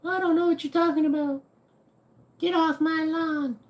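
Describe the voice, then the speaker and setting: Little boy, bratty, whiny, squeaky, very high-pitched. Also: fairly even intonation, moderate pace.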